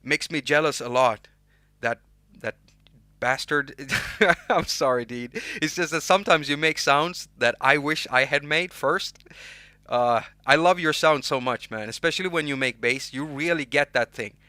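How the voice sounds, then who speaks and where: A man's voice: on the high side, a little slow, sharp tone, dry recording. Swedish man chatting on a livestream. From Sweden. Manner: rambling, restarts words, reads chat names aloud. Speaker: livestream host and music producer. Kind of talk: unscripted livestream chat.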